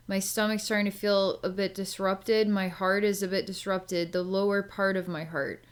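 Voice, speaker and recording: A woman's voice: medium pitch, a bit bright. A woman psychic talking her way through a reading in a loose, rambling way, full of likes and ums. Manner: chatty, rambling, many filler words. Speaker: psychic reader. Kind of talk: casual spoken psychic session.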